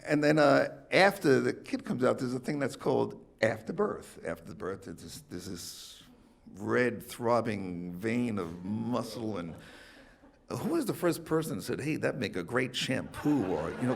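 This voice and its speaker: A man performing a rambling stand-up set, telling stories with his pitch swinging up for punchlines. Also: vocal fry. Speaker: stand-up comic. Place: comedy club stage with audience. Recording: faint audience laughter.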